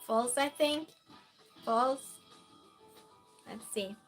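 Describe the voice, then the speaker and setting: A woman's voice: a little high, very slow, faint music behind. A woman hosting a casual live stream, greeting viewers by name and reading their comments aloud during a true-or-false game.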